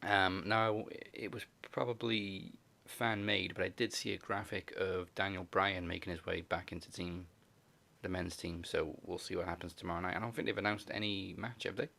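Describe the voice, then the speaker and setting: A man's voice: sits low, fairly even intonation, normal speed, vocal fry, pushed and bright. A man hosting a casual wrestling podcast, laughing often as he moves through the segments. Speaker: podcast host.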